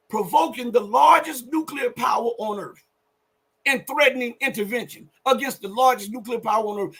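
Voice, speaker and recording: A high-voiced man with a husky edge hosts live political commentary. He speaks emphatically and pushes his voice to near-shouting for stress. Between those peaks he rambles and corrects himself as he goes. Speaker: show host.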